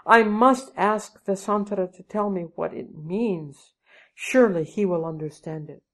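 A woman's voice: medium pitch, a little slow, a bit bright, pitched above the performer's own voice. Earnest, worried young mother for a storybook, read by a woman narrator. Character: devoted, anxious young mother and wife. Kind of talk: storybook reading.

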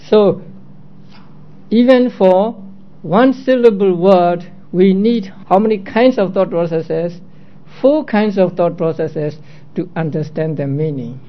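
Male teacher, higher-pitched voice, unhurried step-by-step lecture, dull lo-fi sound. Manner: methodical, poses rhetorical questions. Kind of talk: slow explanatory lecture. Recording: dull lo-fi recording.

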